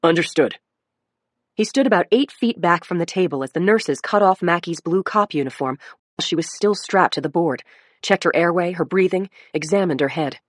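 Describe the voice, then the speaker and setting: A woman's voice: on the low side, animated, a little fast, dry recording, clean studio sound. A woman reading a crime audiobook in a dramatic narration style. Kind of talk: scripted narration.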